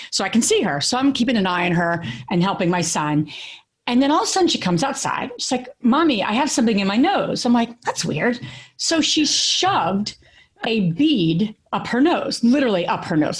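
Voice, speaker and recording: A woman in her thirties co-hosting a podcast, telling stories in an animated way with many fillers and restarts. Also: mid-range voice, a little fast. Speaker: podcast co-host. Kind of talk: casual podcast chat.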